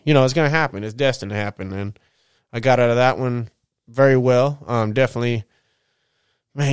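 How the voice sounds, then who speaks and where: A man's voice: medium pitch, clean tone, dry recording, clean studio sound. A man hosting a podcast, telling his own story in a candid, rambling way, swearing often and ending lines with "man". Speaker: podcast host. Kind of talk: casual monologue.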